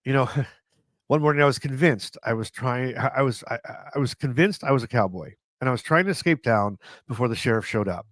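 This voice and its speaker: A middle-aged man from Canada talks to camera in a chatty, self-mocking vlog. He laughs at his own stories and restarts his sentences. His mid-pitched voice sounds close and dry, with no room around it. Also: fairly quick, no room sound. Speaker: vlogger. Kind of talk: casual storytelling to camera.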